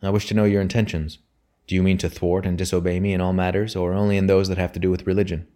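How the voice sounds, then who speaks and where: A man's voice: low voice, little pitch movement, fast, warm tone, close to an everyday voice. A man voicing a curt, obstinate old father who turns ironic and roars in anger. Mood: stern. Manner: growling, ironic, roaring in anger. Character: gruff stern old father, curt and irate.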